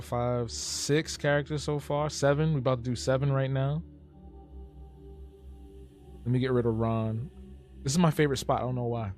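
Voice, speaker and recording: A man's voice: mid-range voice, a little mellow. A man streaming live while he draws cartoons, joking and reacting to his chat as he thinks aloud.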